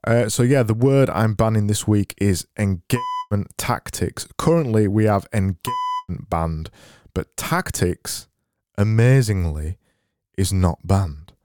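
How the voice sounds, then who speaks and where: A man hosting a solo comedy podcast, rambling deadpan and mocking himself, into a boom-arm mic. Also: measured pace, dry recording. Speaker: podcast host.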